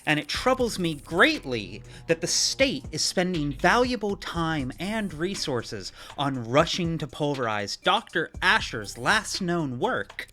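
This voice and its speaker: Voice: medium pitch, very animated, slow pace, few pauses, sharp tone, soft background music, pitched above the performer's own voice, full character voice. A player voicing a confident lady defense attorney. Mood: earnest. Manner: assured, emphatic courtroom speech. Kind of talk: group voice-acting of a game.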